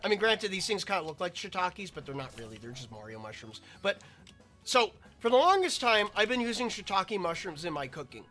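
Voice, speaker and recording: A man's voice: sits high, sing-song, a little fast, bright, forceful tone, faint music behind. A man giving rambling, chatty commentary while playing a video game. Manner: rambling, chatty, self-interrupting. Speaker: gaming video creator. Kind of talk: casual gameplay commentary.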